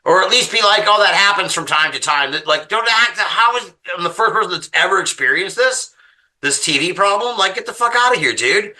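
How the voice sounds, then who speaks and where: A man's voice: sits high, a little fast. A man telling a story as a podcast guest, swearing often and sounding exasperated as he recounts it. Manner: profane, exasperated, animated storytelling. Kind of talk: casual storytelling.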